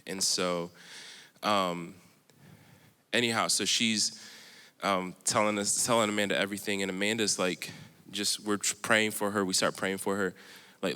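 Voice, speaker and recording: A man's voice: fairly low pitch, fairly even intonation, normal speed, pushed and bright, clear, resonant tone. Rambling man telling a story in a hall. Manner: rambling, filler-heavy, laughs while telling. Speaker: panelist sharing a missions story. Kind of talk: casual storytelling on a panel. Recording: echoey hall with long reverb.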